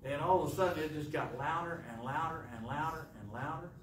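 A man's voice: on the high side, a bit bright. Preaching man in an echoey church. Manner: rhetorical questions with dramatic pauses. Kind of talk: sermon. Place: church sanctuary. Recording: echoey church, distant mic, faint hiss.

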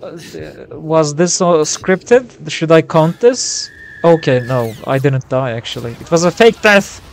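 A young man streaming a war game live, reacting loudly, swearing and yelling at his teammates. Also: on the high side, animated, slow pace, gravelly, slight background noise. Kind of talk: live gameplay commentary.

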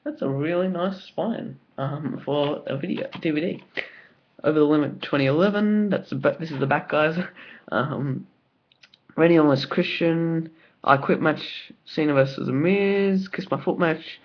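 A young Australian man with an Australian accent, chatting casually and enthusiastically through an unboxing video, rambling with lots of fillers. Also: on the high side. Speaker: vlogger. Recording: dull lo-fi home recording.

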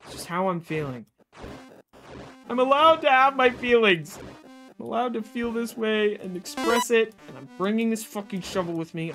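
A frustrated livestreamer talks through a game at home, cursing often and chatting to viewers. Low muttering breaks into sudden loud outbursts. Background music plays clearly behind the voice, which sits at a middle pitch. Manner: frustrated, swears a lot, talks to self and chat. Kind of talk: live gameplay commentary.

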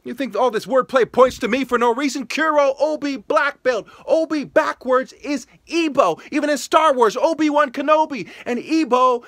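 A man with a strikingly high, sharp voice rants furiously at his viewers. He swears freely, hectors his audience, and climbs into shouting. The sound is dry and close. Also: moderate pace, hardly any pauses, no echo. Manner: angry, profane, hectoring; rising to shouting. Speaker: vlogger. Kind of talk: ranting monologue.

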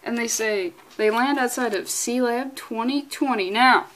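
Young woman, high-pitched, sarcastic, profane, rambling comic review. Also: a little slow, a bit bright. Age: young adult. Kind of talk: casual comedic comic review.

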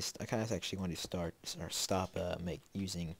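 A man with a low, gravelly voice talks briskly as a Let's Play host, giving casual gameplay commentary. He rambles and talks to himself with plenty of fillers, sounding a little sniffly from a slight cold.

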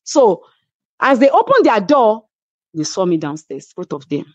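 A woman's voice: medium pitch, very animated, a little slow, darkish tone, dry recording, dull audio. A woman with a Nigerian English accent, a reality show cast member telling a story emphatically as a guest. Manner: emphatic, acts out others' quoted lines. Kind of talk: animated storytelling.

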